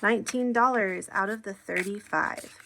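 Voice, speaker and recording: A woman's voice: mid-range voice, moderate pace, vocal fry, noisy background. A woman chatting casually and counting money aloud, upbeat and friendly. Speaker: savings challenge creator. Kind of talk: casual chat while counting cash.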